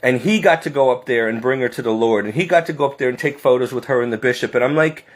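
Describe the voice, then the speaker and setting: A man's voice: medium pitch, fast talker. A middle-aged man talking earnestly and emotionally to the camera, holding back tears as he speaks. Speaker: Catholic vlogger. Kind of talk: emotional personal monologue.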